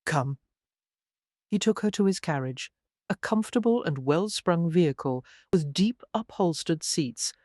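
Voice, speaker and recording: Dry even romance audiobook narration. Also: mid-range voice, normal speed, no room sound. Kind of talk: scripted narration.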